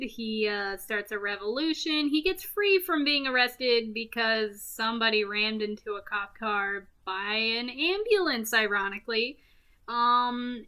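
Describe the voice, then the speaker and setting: A woman's voice: high-pitched, pushed and bright, clean tone. A woman giving a casual, rambling movie recap with goofy, self-mocking asides and giggles. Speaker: movie reviewer.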